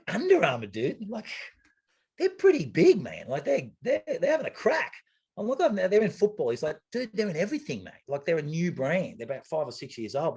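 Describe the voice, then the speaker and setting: An Australian man spins a story in a relaxed podcast chat, his voice slightly husky and his delivery lively. He jumps into other people's voices as he retells the scene. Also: medium pitch. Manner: animated, acts out quoted voices, swears casually. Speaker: guest, retired triathlete. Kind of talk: casual storytelling interview.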